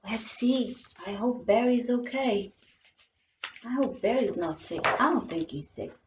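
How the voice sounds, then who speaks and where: A woman reads a picture book to young children, slowing down and pausing to ask how the characters feel. Her voice is a little high and expressive, with gasps at surprises. The room sounds echoey, and the recording is muffled and lo-fi. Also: background noise. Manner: expressive, gasping, asks questions to children. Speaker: teacher reading a picture book aloud. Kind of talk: bilingual storybook read-aloud. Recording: roomy, dull lo-fi sound.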